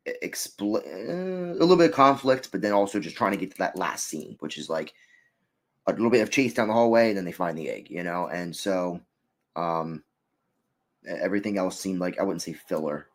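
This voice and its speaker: A man co-hosting a casual review chat, rambling with many fillers and restarts. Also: sits low. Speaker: co-host reviewing an episode.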